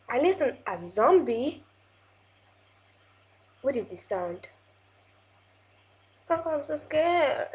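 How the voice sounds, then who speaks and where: Woman w high voice talking slow thru her game, gasps n nervous laughs. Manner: excitable, easily startled, gasps and nervous laughs; halting non-native English with frequent restarts. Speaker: gaming video host. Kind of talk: casual gameplay commentary.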